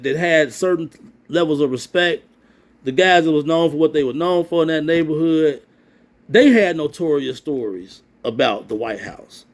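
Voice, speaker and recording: A man casually telling a personal story, animated and acting out sounds and quoted voices. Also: a little high.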